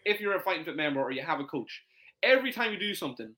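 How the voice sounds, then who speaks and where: A man coaching fitness in a casual podcast chat, animated and swearing casually as he acts out quotes. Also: fairly high pitch, rapid-fire, poor audio.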